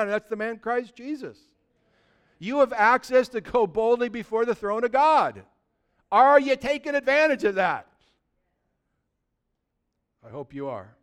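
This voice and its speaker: A middle-aged man preaching a sermon as pastor, animated and humorous, rattling off quick lists between scripture readings. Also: high voice, clean tone. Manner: animated, humorous asides, rapid list-making.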